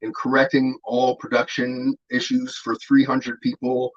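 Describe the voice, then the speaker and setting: Man, interview guest, casual storytelling, profane, rambling, mid pitch, muffled audio. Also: monotone, a little slow. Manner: laid-back, profane, rambling with many fillers.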